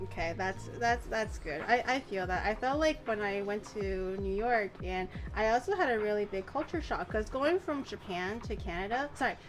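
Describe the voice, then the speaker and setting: A woman hosting a casual chat stream, telling stories in an animated, rambling way. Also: mid-range voice, normal speed, hardly any pauses, soft background music. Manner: chatty, animated storytelling with restarts. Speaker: streamer host.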